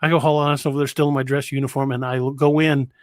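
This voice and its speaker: A man's voice: mid-range voice, flat delivery, racing, dry recording, clean studio sound. A man co-hosting a podcast, telling a long anecdote in a casual, rambling way with some swearing. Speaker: podcast co-host. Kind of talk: casual storytelling chat. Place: studio.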